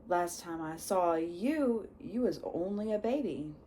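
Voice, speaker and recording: A huge bearded giant, read by a woman, talks bluntly in a rustic West Country English lilt. The voice sits low and moves slowly. The tone is soft and dark, with a faint hum of room noise behind it. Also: expressive. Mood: gruff, friendly. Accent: attempted West Country English. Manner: slow, blunt, rustic speech. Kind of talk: storybook read-aloud.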